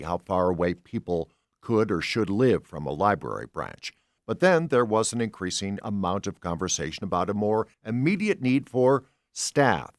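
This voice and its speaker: A man hosting a public radio news program, reading the day's stories in a measured, conversational delivery from a studio microphone. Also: lowish voice, no echo. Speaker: news host.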